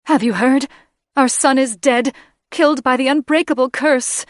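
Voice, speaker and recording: A woman's voice: fairly high pitch, lively intonation, normal speed, dry recording, studio quality, pitched above the performer's own voice, lightly acted. A woman voicing a grieving dragon queen mother who speaks shrilly and demands answers. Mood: anguished, demanding.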